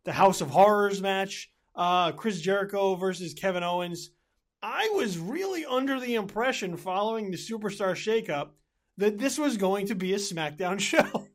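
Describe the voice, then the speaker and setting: High-voiced man hosting a podcast. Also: expressive, moderate pace. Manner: rambling, restarts a lot, laughs easily. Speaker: podcast host. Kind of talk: casual podcast conversation.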